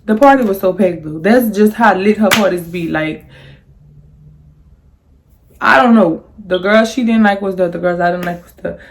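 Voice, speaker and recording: A young woman chats through a storytime in a casual, rambling way, full of restarts and fillers. Her pitch sits in a middling range and leaps sharply upward whenever she quotes herself, which gives the telling an animated feel. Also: moderate pace, long pauses, slight background noise. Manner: animated, jumps high on quoted lines. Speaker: storyteller vlogger.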